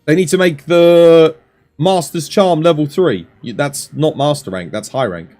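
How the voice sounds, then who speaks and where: A man's voice: on the high side, measured pace, a little mellow, soft background music. A young Australian man casually chatting on a game stream, laid-back and chatty as he explains tips to viewers. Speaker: streamer and coach. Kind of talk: casual gameplay stream chat.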